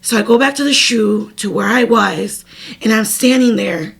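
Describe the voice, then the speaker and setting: A woman's voice: a little high, moderate pace, creaky, breathy edge. A young woman co-hosting a podcast, telling a story in casual chat with lots of laughing and fillers. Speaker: podcast co-host.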